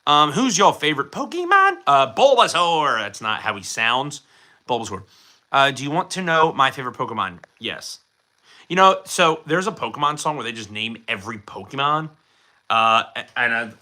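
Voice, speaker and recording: A man's voice: mid-range voice, very animated, normal speed, pushed and bright. A young man chatting casually on a live stream, rambling and answering viewers' questions about his collection.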